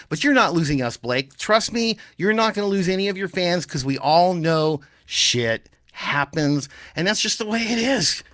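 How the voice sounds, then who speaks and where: Bright, punchy male radio host, talks loose and rambling, dry close mic. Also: high voice, no echo. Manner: rambling, restarts, swears casually, says bro. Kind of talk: casual live call-in talk.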